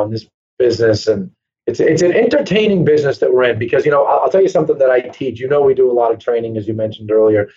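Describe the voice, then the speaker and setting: A man who runs a real estate brokerage, telling lively stories in a casual interview and acting out quoted voices. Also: medium pitch. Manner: animated storyteller, acts out quoted voices. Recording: dull lo-fi sound.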